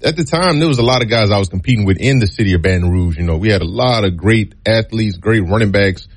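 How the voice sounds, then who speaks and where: A man telling stories from his football days in a relaxed interview, acting out the people he quotes. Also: lowish voice, quick pace. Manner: relaxed storytelling, acts out quoted voices. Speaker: guest, former college football player. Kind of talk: casual storytelling interview.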